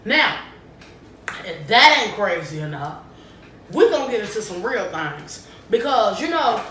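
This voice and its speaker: A woman's voice: mid-range voice, measured pace. Woman vlogger in an echoey room. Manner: lively, keeps checking in with the viewers. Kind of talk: casual talk to camera. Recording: echoey room, distant mic, faint noise.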